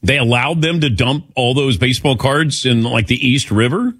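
A man's voice: medium pitch, moderate pace, a bit bright, slightly rough, dry recording, clean studio sound. A man in his sixties hosting a sports talk radio call-in show, chatty and laughing easily. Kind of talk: casual call-in chat.

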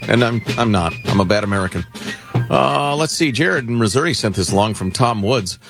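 A man's voice: on the low side, lively intonation, fairly quick, creaky, over music. A man hosting a talk radio show, reading listener mail with wry, sarcastic asides. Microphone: studio mic.

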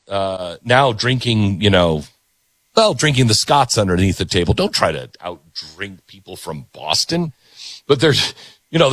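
A man hosting a talk show monologue. His pitch leaps and dips lively, and his voice is a little husky. He sounds dry and close, and he turns sarcastic while playing out imagined exchanges. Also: no room sound. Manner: animated, sarcastic, acts out quoted voices. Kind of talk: opinion radio monologue.

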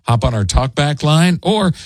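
A man's voice: fairly high pitch, moderate pace, no echo. A man hosting a morning radio show, chatting and joking in a studio. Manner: chatty, jokey, lively. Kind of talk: casual morning radio chat. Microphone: studio mic.

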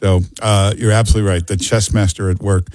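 A man's voice: on the low side, level tone, fast, a little mellow, no echo. A man hosting a talk radio show, brash and teasing with callers and co-host. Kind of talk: casual talk radio banter. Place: radio studio. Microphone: studio microphone.

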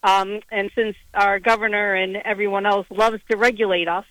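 A woman calls in to a radio talk show. She speaks hesitantly and fills her pauses with ums, though her tone stays playful. The sound is dry and close. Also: medium pitch, steady tone, a bit bright, dry recording, low-quality recording. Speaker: caller. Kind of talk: call-in radio chat.

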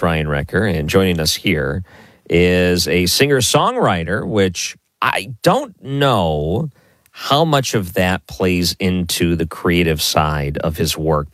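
A man's voice: deep voice, a bit bright, no echo. A man hosting a late-night radio talk show, chatting in a friendly way and sometimes stumbling over his words. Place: home basement office.

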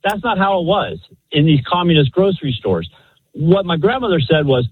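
Over a tinny telephone line with no room sound, a male caller to a talk radio show rambles earnestly through a family story, filling it with fillers. His husky voice sits a little high, swings widely in pitch, and moves at a normal speed.

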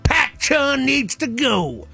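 A man's voice: extremely high pitch, sing-song, takes it slowly, creaky, bright, forceful tone, slightly rough, faint music behind, voice pushed up, full character voice. A man imitating an irate older Southern woman sports fan, ranting with mock fury. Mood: mock-furious.

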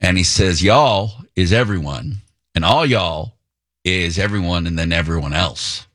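A man's voice: low voice, lively intonation, a little slow, fairly bright tone, no echo, clean studio sound. A man hosting a morning radio talk show, chatting casually with wry, rambling asides and chuckles. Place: radio studio. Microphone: studio microphone.

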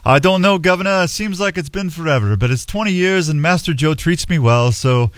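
A man's voice: high voice, expressive, moderate pace, a bit bright, dry recording, pitched above the performer's own voice. A man voicing a stuffy English butler in a comic radio ad read, with a put-on posh British accent that slides into Scottish. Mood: pompous.

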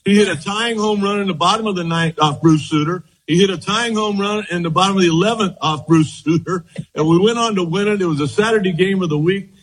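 Older guy, husky voice, kinda high, telling old baseball stories and laughing a lot. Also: a little fast, poor audio. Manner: animated anecdotes, laughs often, frequent "as you know". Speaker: former baseball pitcher, guest. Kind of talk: reminiscing storytelling.

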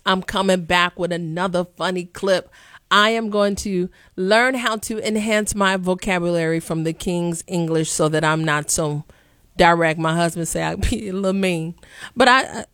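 A woman radio host talks to her listeners in a relaxed, teasing way, often breaking into laughter. Her voice sits a little low, and it sounds dry and close with no room around it. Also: dry recording. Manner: playful, chatty, laughs often. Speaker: radio talk show host. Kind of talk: casual radio chat.

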